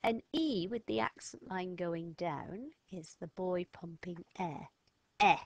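A woman talks through a children's language lesson at a very unhurried pace, pausing to sound out each letter. Her voice sits a little low and the recording is dry and close. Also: darkish tone, no room sound. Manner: patient, clearly sounding out letters and words. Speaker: French teacher. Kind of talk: slow step-by-step lesson narration.

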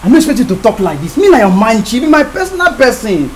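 A wheedling Nigerian friend. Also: female voice, a little high, big pitch swings, fast talker, slight background noise. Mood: pleading. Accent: Nigerian Pidgin. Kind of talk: film drama acting.

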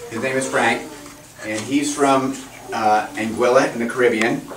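A man's voice: medium pitch, fairly even intonation, normal speed, background noise. A man working as a veterinarian, giving a class a patient, encouraging hands-on demonstration. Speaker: veterinarian teaching children. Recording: echoey classroom, camera from far.

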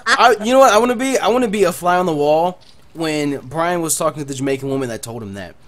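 Brief: mid-pitched streamer, quick joking banter, casual. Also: expressive. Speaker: game streamer. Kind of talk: casual gaming chat.

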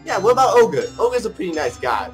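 A man's voice: sits high, big pitch swings, a little fast, music in the background. A young man commenting on a game in a co-op let's play, teasing his partner and joking sarcastically. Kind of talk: casual gaming commentary.

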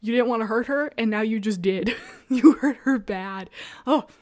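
Animated young woman recapping, dry sound. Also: on the high side, moderate pace, no room sound. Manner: animated, exasperated, laughs often. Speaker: show host. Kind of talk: casual recap chat.

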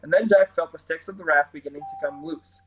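A man narrating a children's storybook aloud in a steady, plain way. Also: fairly high pitch, fast, low-quality recording. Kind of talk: reading a children's book aloud.

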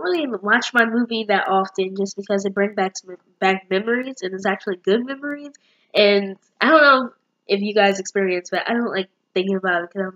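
A woman's voice: mid-range voice, fairly quick, fairly bright tone. Chatty young woman vlogging, lo-fi sound. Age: young adult. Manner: chatty, bubbly, many fillers. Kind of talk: casual chat to camera.

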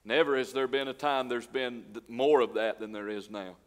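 A male pastor, preaching a sermon full of rhetorical questions and swinging between loud and soft. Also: medium pitch, normal speed, long reverb tail. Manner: preaching with rhetorical questions, swelling and dropping in volume. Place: church sanctuary.

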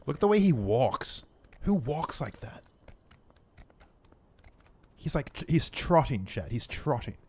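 A man streaming a game live, giving excitable, profane running commentary and talking to his chat. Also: mid-range voice, slow pace, long pauses, slightly rough.

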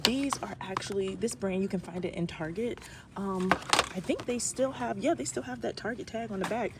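A woman couponing vlogger, bubbly and fast-talking, pitching an app and then browsing store shelves. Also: very noisy. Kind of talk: excited sponsor pitch and store vlog. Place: gas station, then inside a discount store.

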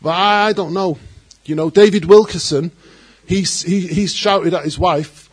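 Husky man preaching an animated sermon. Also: high-pitched, measured pace. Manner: animated, acts out quoted voices, joking asides. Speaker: pastor.

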